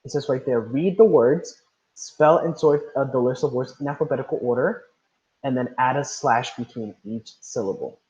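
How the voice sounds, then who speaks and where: A man's voice: mid-range voice, moderate pace, darkish tone, lo-fi sound. A male teacher leading an online class, reading instructions and calling on students by name. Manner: encouraging, calls on students by name. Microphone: video call.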